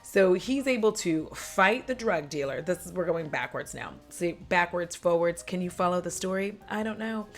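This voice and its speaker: Woman YouTuber, lowish voice, animated casual film recap, faint music behind. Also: moderate pace, few pauses. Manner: animated, chatty, laughing asides; acts out characters' lines and sound effects. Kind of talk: casual chat.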